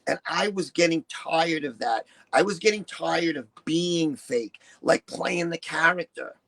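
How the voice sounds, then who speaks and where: A man in his sixties, a retired performer telling candid stories in an interview, profane and animated, acting out what people said. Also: on the high side, a little slow, vocal fry, low-quality recording. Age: 60s. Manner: profane, animated, acts out quotes. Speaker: interview guest, retired shock-rock performer.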